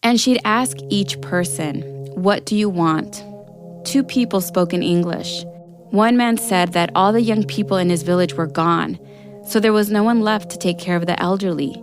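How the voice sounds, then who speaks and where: A woman narrates a podcast story in a calm, scripted way. Her voice sits fairly low for a woman. A music score plays clearly beneath her. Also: moderate pace.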